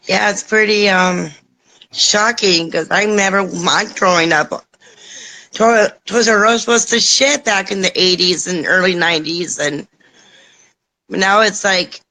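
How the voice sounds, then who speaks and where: Bright, slow-talking woman in her thirties. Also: medium pitch, poor audio. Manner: chatty, laughs often. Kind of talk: casual live talk show chat. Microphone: video call.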